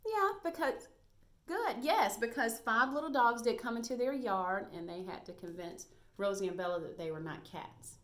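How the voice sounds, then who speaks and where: A woman teacher leads a reading lesson for small children on video. She talks slowly and encouragingly, sounding out each word with care. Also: fairly high pitch, expressive, a bit bright. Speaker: first grade teacher.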